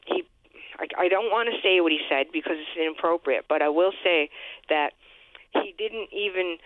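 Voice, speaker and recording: A woman in her forties calling in to a radio show, halting and hesitant with many restarts, distressed. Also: deep voice, no echo. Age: 40s. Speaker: caller. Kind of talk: call-in radio. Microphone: phone line. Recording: tinny phone line.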